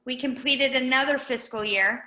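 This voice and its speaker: Earnest woman speaker, bright voice. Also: high voice, moderate pace, reverberant, rough recording. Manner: earnest, conversational, with fillers. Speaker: guest speaker, nonprofit director. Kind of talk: informal update talk at a meeting.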